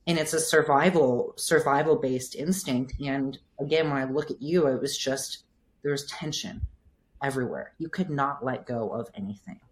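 A woman's voice: very deep voice, moderate pace. Thoughtful woman explaining as a guest. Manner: thoughtful, explanatory, frequent "like" fillers. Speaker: physical therapist and coach. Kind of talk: casual podcast interview.

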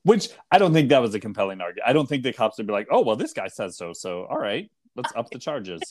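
A man's voice: mid-range voice, sing-song, quick pace. A man hosting a podcast, making dry, wry asides in a casual discussion. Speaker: podcast host.

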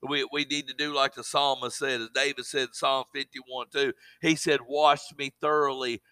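A man's voice: medium pitch, level tone, normal speed, clean tone, no room sound. A middle-aged man preaching a sermon, stammering into repeated words and calling out amen to his congregation. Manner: repeats words in bursts, rising to loud exclamations.

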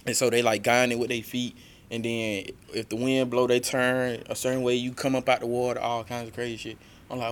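A man's voice: mid-range voice, level tone, a little fast, slight background noise. A man co-hosting a podcast, telling a long story in loose slang with lots of "you feel me". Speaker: podcast co-host. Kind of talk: casual podcast chat.

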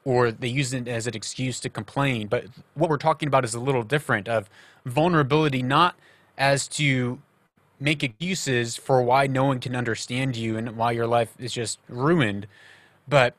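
A male host asking thoughtful, carefully phrased questions. His medium-pitched voice sits dry and close, with no room sound. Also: moderate pace, fairly bright tone, no room sound. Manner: thoughtful, searching for words. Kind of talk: interview conversation.

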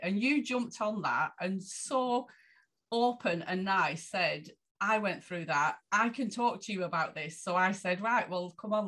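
A woman's voice: on the low side, a bit bright. A woman with a Lancashire accent hosting a podcast, talking with a guest in an enthusiastic, chatty way over a video call. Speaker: podcast host. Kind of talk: casual interview chat.

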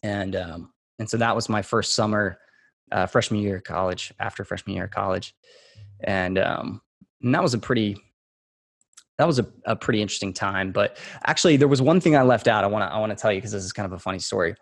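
A man from Texas, a podcast guest, telling a relaxed, rambling story full of fillers and restarts. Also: lowish voice, fairly quick, gravelly, slightly rough, dry recording, clean studio sound. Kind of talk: casual storytelling in a podcast interview.

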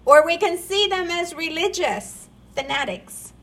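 A woman with a high voice preaches at an unhurried pace. She speaks earnestly and presses her points with pointed, emphatic questions. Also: expressive, a bit bright, rough recording. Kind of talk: sermon.

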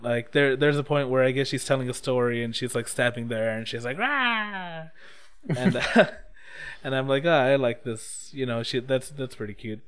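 Young man, casual chat, excitable, cursing, laughs often, smooth tone. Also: mid-range voice, a little fast. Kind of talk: casual chat recapping an episode.

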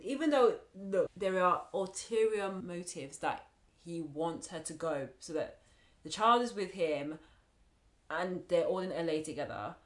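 A woman co-hosts a podcast, her voice on the low side yet a bit bright, heard in an echoey room. The chat is easygoing and casual, full of fillers and agreeing yeahs as she often goes along with the other host and thinks aloud.

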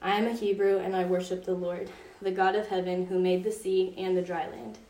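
A woman's voice: on the low side, flat delivery, a little fast, mellow. A young woman leading a group in casual Bible teaching, retelling a story in a chatty way full of "like" and asides. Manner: chatty, filler-heavy storytelling with frequent "like". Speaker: youth Bible study leader. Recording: roomy echo from a distance.

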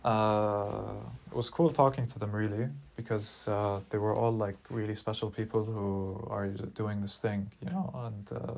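A man's voice: on the low side, fairly even intonation, a little slow, vocal fry, few pauses, a little mellow, slight background noise. A young man telling a personal story in a rambling, profane, casual way, often repeating words.

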